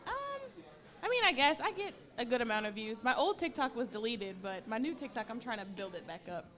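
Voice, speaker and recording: A woman's voice: a little high, lively intonation, brisk, fairly bright tone. A young woman guest on a casual podcast, chatty and frank, often giggling.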